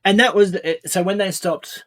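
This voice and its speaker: A man's voice: high voice, steady tone, moderate pace, a bit bright. A man hosting a podcast, asking his guest questions in a friendly, rambling way with many restarts. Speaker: podcast host. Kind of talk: casual podcast interview.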